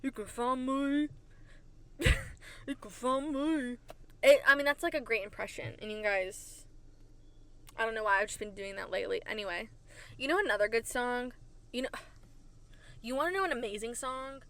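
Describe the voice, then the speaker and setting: A woman hosts her own podcast in a loose, chatty way, wandering from story to story. Her voice sits high and sounds bright and sharp. She giggles often and teases herself with silly asides. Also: expressive, brisk, long pauses. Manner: playful, silly and self-mocking. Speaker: podcast host. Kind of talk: casual solo podcast chat.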